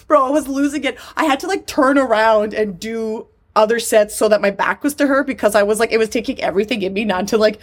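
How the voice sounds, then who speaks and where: A young woman co-hosting a podcast, telling a story in casual, animated chat, acting out quotes and cursing freely. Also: a little high, fast talker, hardly any pauses. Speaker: podcast co-host.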